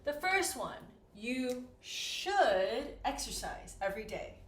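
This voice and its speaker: A woman teaching an English grammar lesson, modeling pronunciation slowly and clearly. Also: high voice, sing-song. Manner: slow, clear, exaggerated pronunciation demos. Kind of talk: classroom-style grammar lesson. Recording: echoey room.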